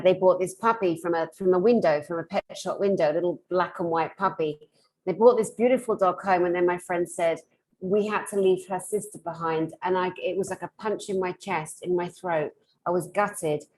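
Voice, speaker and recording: A woman's voice: lowish voice, a little hiss or hum, poor audio. A woman telling an anecdote casually, rambling and correcting herself as she goes. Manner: rambling, self-correcting, animated. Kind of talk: casual storytelling.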